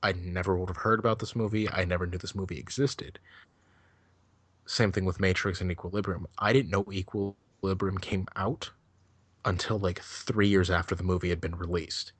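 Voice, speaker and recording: A man's voice: sits low, fairly even intonation, normal speed, breathy edge, dry recording. A man chatting casually on a podcast, rambling loosely and swearing freely as he gives his take on a film. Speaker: podcast co-host. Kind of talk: casual chat.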